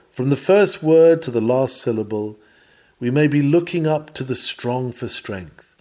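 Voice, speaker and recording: A man's voice: medium pitch, a little mellow. A man reading an old-fashioned sermon text aloud, earnest and emphatic, his voice rising on rhetorical questions.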